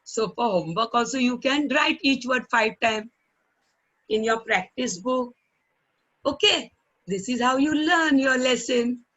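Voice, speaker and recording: A middle-aged woman with an Indian English accent teaching children in an online class. She talks slowly and patiently, repeating words for the children to copy and often checking in with a coaxing "okay?". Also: fairly high pitch, fairly bright tone, dull audio. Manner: ends phrases with coaxing "okay?". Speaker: primary school English teacher. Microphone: online call microphone.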